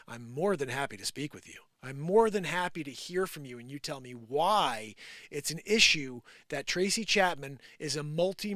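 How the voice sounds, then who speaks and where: Guy ranting live on his stream, sarcastic, bright sharp tone, close dry mic. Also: fairly high pitch, dry recording. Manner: animated, sarcastic, loud swings between shouting and muttering. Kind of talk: improvised live opinion rant.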